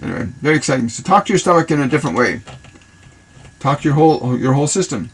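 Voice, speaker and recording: A man's voice: a little high, sing-song, quick pace, husky, rough recording. Man giving loose, rambling spiritual advice. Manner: loose and rambling, repeats himself, speaks in affirmations. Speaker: spiritual reader answering viewer questions. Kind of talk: casual live-stream guidance. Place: live social video stream.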